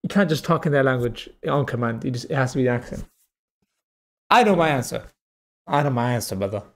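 A man hosting a casual livestream chat, excitable and repetitive, often laughing and calling his friend bro. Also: medium pitch, quick pace, gravelly. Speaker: livestream host.

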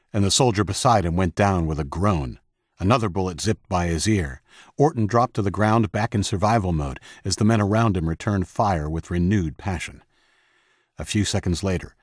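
Male audiobook narrator, very low voice, steady measured delivery, dry close studio sound. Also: husky, dry recording. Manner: steady, measured reading of action scenes. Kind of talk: scripted narration.

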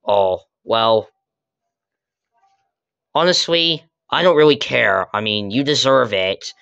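A man's voice: mid-range voice, lively intonation, takes it slowly, vocal fry, fairly bright tone, dry recording, exaggerated voice. A man voicing a rude, dismissive adult male chef who speaks bluntly and scornfully. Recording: dull lo-fi recording.

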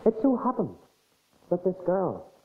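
A man preaching a sermon, telling a story as he goes and swinging between loud emphasis and quiet asides. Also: high-pitched, huge pitch swings, unhurried. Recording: tinny phone-like sermon recording.

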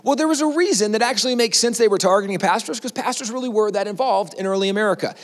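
Brief: high-pitched man, animated history storyteller, conversational, long hall reverb. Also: fast. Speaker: speaker.

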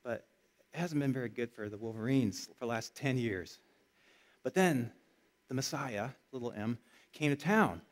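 A middle-aged man from Michigan, a pastor preaching a sermon in a conversational storytelling way that builds to energetic emphasis. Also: medium pitch, moderate pace, long pauses.

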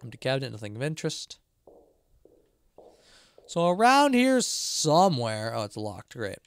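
Unhurried and smooth, with a mid-range voice and huge pitch swings, this horror game streamer yawns drowsily while rambling to his chat and himself. The recording has no room sound.

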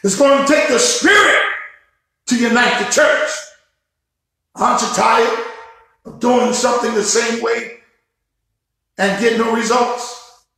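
A bishop preaching a sermon, rising to shouts in a preaching cadence. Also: male voice, very high-pitched, takes it slowly, creaky, pauses often. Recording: very echoey room.

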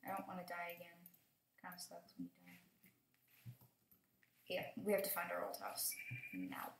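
A young woman hosting casual let's-play commentary, excitable, yelping and laughing whenever danger appears. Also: fairly low pitch, normal speed, gravelly, roomy sound, slight background noise, low-quality recording. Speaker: gaming channel host.

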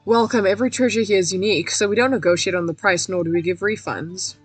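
A woman voicing a brisk female gem shopkeeper in a game, reading her lines as quick sales patter. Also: mid-range voice, steady tone, husky, no echo, soft background music.

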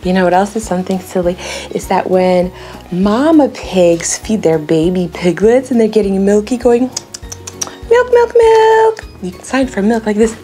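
A young woman leading a toddler learning video, talking slowly and cheerfully in exaggerated teacher tones. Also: mid-range voice, warm tone, faint music behind. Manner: slow, exaggerated, cheerful teacher talk with animal noises. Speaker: children's educator.

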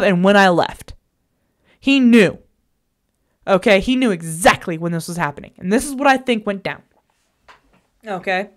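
A woman vlogger telling a personal story in an emphatic, exasperated way, recorded in a bedroom at home. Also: medium pitch.

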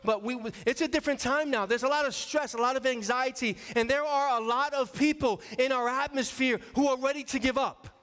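A man in his forties preaches with a notably high, bright voice, telling stories and calling out to the congregation. His voice carries a long reverb that fills the church sanctuary around him. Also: a little fast, few pauses. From New York area. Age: 40s. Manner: conversational, storytelling, calls out to the congregation. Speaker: associate pastor. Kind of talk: sermon.

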